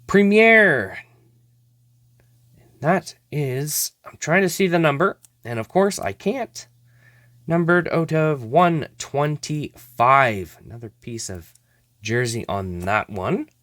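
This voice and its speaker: A man talks through a card-opening session in a relaxed, chatty manner. His pitch swings widely as he exclaims over finds and laughs at himself. He speaks slowly, and the voice sounds dry and close. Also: no room sound. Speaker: host of a hockey card opening show. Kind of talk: casual card-opening commentary.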